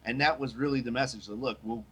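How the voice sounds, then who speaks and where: A man's voice: medium pitch, fast, fairly bright tone, breathy edge. Blunt, profane man on a podcast. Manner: blunt, profane, acts out voices in his stories. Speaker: podcast host. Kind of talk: casual podcast chat.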